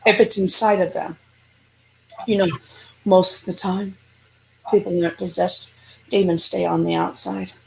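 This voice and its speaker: A woman's voice: fairly low pitch, measured pace, creaky, long pauses, poor audio. A woman, a paranormal investigator, speaking emphatically and animatedly as an interview guest. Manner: emphatic, animated, laughs often. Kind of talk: casual interview chat.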